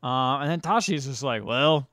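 Smooth-voiced man recapping a film. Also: mid-range voice, a little fast, no room sound, clean studio sound. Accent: American. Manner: animated retelling with quoted character lines. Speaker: podcast co-host. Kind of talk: casual chat, recapping a film.

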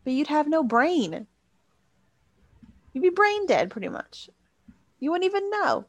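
A woman's voice: high-pitched, big pitch swings, unhurried, no echo. A woman co-hosting a casual chat, teasing her friend and laughing often. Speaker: podcast co-host.

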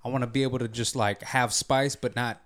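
A man's voice: mid-range voice, steady tone, fairly quick. A man chatting casually, telling a rambling story with slang and frequent laughter. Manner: laid-back storytelling, laughs often, slangy. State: driving while talking. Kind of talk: casual chat.

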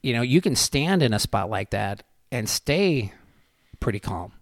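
A man's voice: medium pitch, very animated, unhurried, no echo, studio quality. A man telling a story in casual podcast chat, rambling with many fillers and swearing freely.

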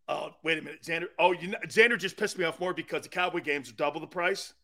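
With a fairly high, creaky voice, this American sports radio host talks fast and barely pauses. He rants loudly and comically, animatedly slipping into bursts of angry-fan impressions.

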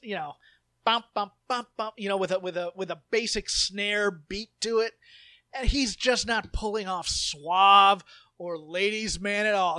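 A man co-hosting a podcast in casual chat, rambling and animated, slipping into mocking impressions. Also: sits high, no echo, clean studio sound. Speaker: podcast co-host.

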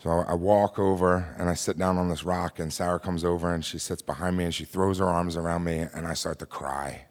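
A man with a low voice tells a story live on a theater stage. He talks intensely and acts out the quotes with drama. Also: steady tone, brisk, few pauses. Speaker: host and storyteller.

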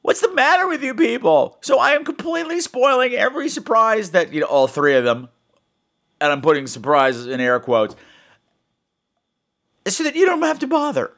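A man's voice: high-pitched, wildly swooping pitch, normal speed, pauses often, fairly bright tone. A man giving a sarcastic, rambling comedic recap of a bad movie, acting out the characters' voices as he goes. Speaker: movie reviewer.

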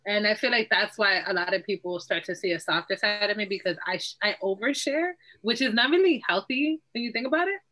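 A woman's voice: mid-range voice, fairly quick, hardly any pauses, bright, forceful tone, rough recording. A young woman co-hosting a casual podcast chat, open and talkative, freely sharing about herself. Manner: open, chatty, oversharing. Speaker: podcast co-host.

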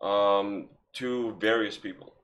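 A man's voice: on the low side, steady tone, takes it slowly, a bit bright. A man hosting a podcast in casual chat, rambling and profane with lots of fillers. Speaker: podcast host.

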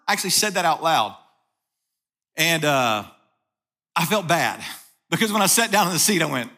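A man's voice: a little high, sing-song, moderate pace, long pauses, bright, forceful tone. A middle-aged male pastor preaching a sermon, telling a story and then pressing his point with emphatic repetition.

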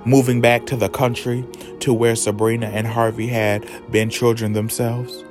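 A man's voice: medium pitch, level tone, normal speed, music in the background. A man retelling a story in a dramatic, chatty, profane way. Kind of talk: casual storytelling recap.

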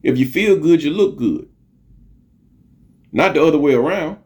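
A man's voice: on the high side, normal speed, darkish tone. A middle-aged man hosting a podcast, giving an earnest, preachy motivational monologue, repeating phrases for emphasis and swearing casually. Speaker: podcast host.

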